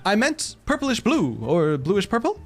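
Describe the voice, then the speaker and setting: A man's voice: high-pitched, wildly swooping pitch, a little slow, soft background music, pitched above the performer's own voice, exaggerated voice. A man reading out game dialogue as a shifty male merchant, stammering and evasive. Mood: flustered. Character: flustered shifty male merchant caught lying.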